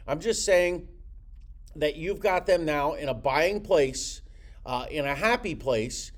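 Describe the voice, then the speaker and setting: A middle-aged man with a slightly high voice for a man teaches real estate agents sales technique for prospecting calls, speaking at a slow pace. His pitch swoops up and down in a lively way. He is animated, acting out little phone dialogues in different voices to make his points.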